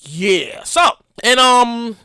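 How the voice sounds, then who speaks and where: Animated high-voiced woman ranting. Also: drawn-out words, vocal fry, clear, resonant tone, no room sound, studio quality. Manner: animated, profane, rambling, with exclamations. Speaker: podcast host. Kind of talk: casual comedic news rant.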